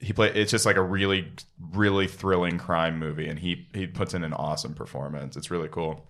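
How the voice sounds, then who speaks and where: A young man hosting a podcast, cracking quick jokes in casual chat and laughing often. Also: low-pitched, steady tone, a bit bright. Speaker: podcast host.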